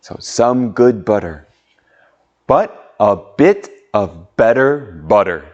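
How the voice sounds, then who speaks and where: A man's voice: fairly low pitch, animated, slow, a little mellow. A man teaching an online English pronunciation lesson, patiently drawing out sounds and leading drills. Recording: muffled lo-fi audio.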